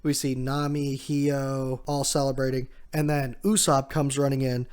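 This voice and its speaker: A man's voice: medium pitch, level tone, a little mellow, clear, resonant tone. Chatty man recapping a comic chapter. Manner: chatty, with fillers and restarts, quick laughs. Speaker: podcast co-host. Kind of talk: casual manga chapter recap.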